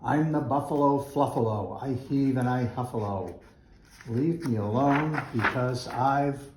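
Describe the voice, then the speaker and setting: A man voicing a grumpy, huffy male buffalo in a storybook, loud and blustering, in an echoey school room. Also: medium pitch, measured pace, a little hiss or hum, lightly acted. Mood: defiant.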